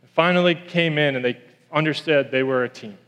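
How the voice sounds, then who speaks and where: A man's voice: on the high side, brisk, a bit bright, big-room sound. A man preaching a sermon in a church, telling a story and repeating key lines for emphasis.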